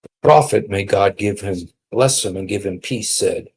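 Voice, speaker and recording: A man giving an emphatic, mocking polemical religious talk, swinging between loud and quiet. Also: lowish voice, moderate pace, creaky, breathy edge. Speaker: preacher on a streamed show.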